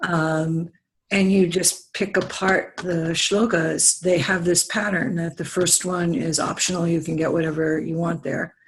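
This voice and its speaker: A student hesitantly working through a question about poetic meter, with many pauses and fillers. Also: medium pitch, flat delivery, low-quality recording. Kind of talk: asking questions in class.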